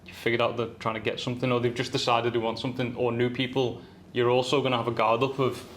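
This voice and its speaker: A man's voice: medium pitch, flat delivery, fast talker. A man hosts a podcast in a casual, friendly way, cutting in with questions. His voice sits in the middle range, with a faint noise under it. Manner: friendly interviewer, jumps in with questions. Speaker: podcast host.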